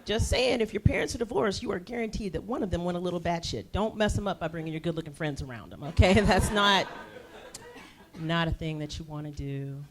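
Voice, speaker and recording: A woman, performing a stand-up set on a theater stage, with a brassy, punchy delivery that jumps suddenly loud. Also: fairly low pitch, animated, a little fast, a little hiss or hum. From United States. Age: 40s. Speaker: stand-up comedian.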